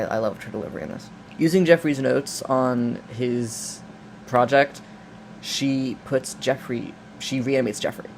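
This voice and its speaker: Over a faint air-conditioner hum, a male video essayist with a middling-pitched voice casually recaps a film's plot. He rambles and jokes, with plenty of restarts and asides along the way.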